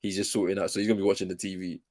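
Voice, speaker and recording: A man's voice: low-pitched, level tone, racing, darkish tone. A man co-hosting a casual football watchalong, talking in laid-back, slangy banter. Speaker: co-host.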